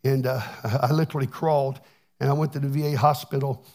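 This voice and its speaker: A man's voice: mid-range voice, level tone, brisk, a little mellow. A man preaching a plainspoken, folksy testimony sermon, often repeating words as he restarts. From Texas. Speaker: pastor.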